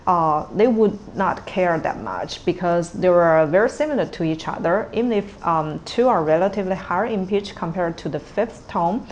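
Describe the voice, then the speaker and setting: A woman teaching tones in a patient, unhurried way, modelling each word twice. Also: lowish voice, muffled recording, slight background noise. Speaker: Cantonese teacher. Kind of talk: tone pronunciation lesson.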